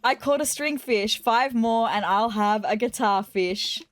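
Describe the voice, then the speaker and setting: A woman giving casual let's-play commentary, excitable and gushing, with apologetic asides. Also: fairly high pitch, a little slow, soft background music. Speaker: gaming video host.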